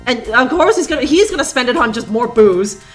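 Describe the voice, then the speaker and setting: A woman's voice: a little high, lively intonation, a little fast, faint music behind. A woman streamer giving live commentary on a game, sarcastic and rambling, laughing often.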